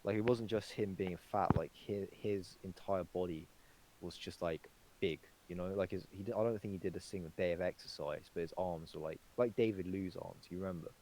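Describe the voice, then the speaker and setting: A man's voice: deep voice, fairly quick, warm tone, slight background noise, low-quality recording. A young man chatting casually on a podcast, rambling with lots of fillers and swearing. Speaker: podcast co-host. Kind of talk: casual chat.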